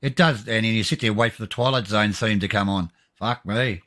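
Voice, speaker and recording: A man's voice: lowish voice, moderate pace, fairly bright tone. A man teasing and swearing in casual chat on a live stream.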